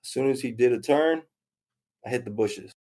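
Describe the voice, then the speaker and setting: A man's voice: mid-range voice, moderate pace, dark tone. A man, candidly retelling a personal story in a rambling, self-interrupting way. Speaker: interview guest.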